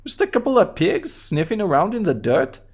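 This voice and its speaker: A man doing a squeaky foul-mouthed street kid. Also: huge pitch swings, moderate pace, exaggerated voice. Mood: belligerent. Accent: Bulgarian. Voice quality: high-pitched squeaky put-on voice. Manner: crude, belligerent, talks about himself in third person. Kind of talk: game dialogue read aloud on stream.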